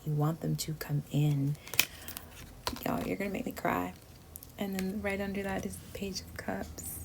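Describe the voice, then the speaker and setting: A woman with a deep, creaky voice gives her viewers a casual tarot reading. She's chatty and emotive and often drops to a near whisper. Steady background noise runs under the recording.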